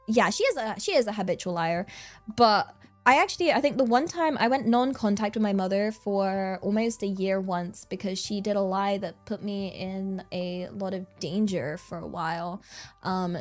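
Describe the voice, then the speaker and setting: A woman's voice: medium pitch, normal speed, faint music behind. A woman streaming, chatting casually and animatedly, often laughing as she rambles. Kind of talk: casual chat.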